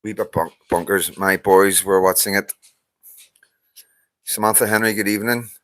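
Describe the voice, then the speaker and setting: A man's voice: lowish voice, fairly even intonation, moderate pace, fairly bright tone, dry recording. A tired Northern Irish man in his fifties hosting a casual live stream, chatting, laughing and greeting viewers by name. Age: 50s. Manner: chatty, swears, laughs often, reads out names. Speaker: livestream host.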